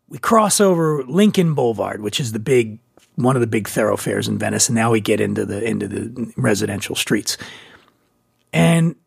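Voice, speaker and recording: A man casually telling a story as a podcast host, animated and acting out the dialogue. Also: creaky, husky, no room sound, studio quality. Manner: animated, acts out dialogue with shifting pitch. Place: brewery.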